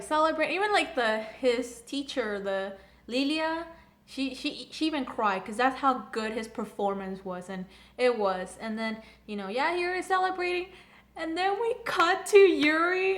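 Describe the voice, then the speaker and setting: A young woman recapping and reviewing an anime episode in a casual, rambling, gushing fan manner. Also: a little high. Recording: echoey room.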